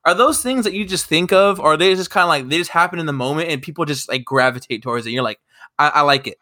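A man's voice: fairly high pitch, quick pace, bright, forceful tone. A young man in his twenties hosting a podcast, chatting casually in a rambling way full of fillers and swearing. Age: 20s. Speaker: podcast host.

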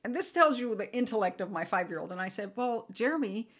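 Animated middle-aged woman telling stories. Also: mid-range voice, quick pace, breathy edge. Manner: animated, acts out quoted dialogue with laughter. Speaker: podcast co-host. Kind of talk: casual chat, storytelling.

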